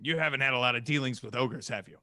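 A man voicing a big, protective half-ogre warrior who is quick to shout and easily flustered. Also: medium pitch, dry recording, clean studio sound. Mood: wry.

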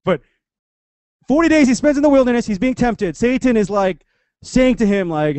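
Man, 30s, pastor, relaxed chatty sermon, acts out story voices, high pitch, dry recording. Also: moderate pace, no room sound. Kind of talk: casual sermon.

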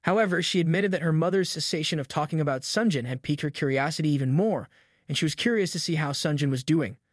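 Male recap narrator, slightly high voice, even delivery, dry studio sound. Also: fast talker, dry recording. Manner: even, steady retelling in third person. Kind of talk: scripted story recap narration.

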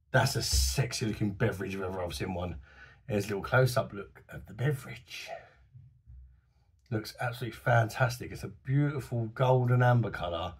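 Chatty man, husky voice. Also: on the low side. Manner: chatty, enthusiastic, slangy. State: voice going a bit hoarse. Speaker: beer reviewer. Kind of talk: casual review to camera. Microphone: phone camera.

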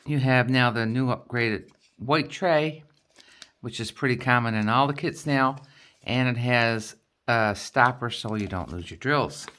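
A middle-aged woman with a bass voice unboxes a craft kit for her vlog, unhurried and fairly bright in tone. She chats her way through each item step by step.

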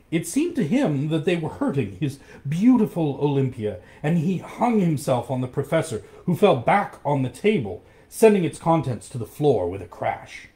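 A man reading a storybook aloud, expressive and acting out each character. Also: on the high side.

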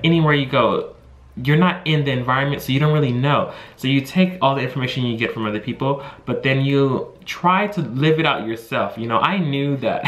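A man's voice: mid-range voice, fairly bright tone. A young man from the United States telling a casual storytime to camera, rambling with many fillers like "you know" and "like". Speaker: vlogger. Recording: echoey room.

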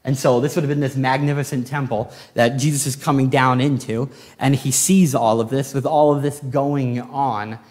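A man preaching a sermon as pastor, telling the story with animated swings from loud to hushed. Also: medium pitch, moderate pace, few pauses, long reverb tail. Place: church sanctuary.

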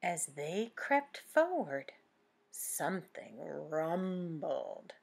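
A woman reading picture books aloud at a library storytime. She speaks very slowly in an animated, sing-song way, and her voice has a soft, breathy edge. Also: fairly low pitch. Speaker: children's librarian.

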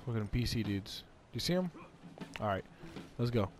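A man giving casual live commentary over his own gameplay, trash-talking in a profane, excitable way with sudden yells. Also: fairly low pitch, normal speed, soft background music.

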